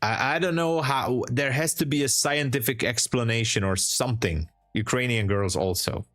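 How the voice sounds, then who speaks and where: This man runs a live trading stream, casually chatting with his viewers, laughing often, and giving encouraging advice. His voice sits in the mid-range, fairly bright, at a moderate pace.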